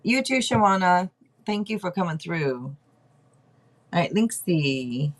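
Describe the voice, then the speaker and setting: A woman's voice: lowish voice, sing-song, takes it slowly. A woman hosting a casual livestream tarot reading, chatty, thinking aloud and laughing often. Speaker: tarot reader host.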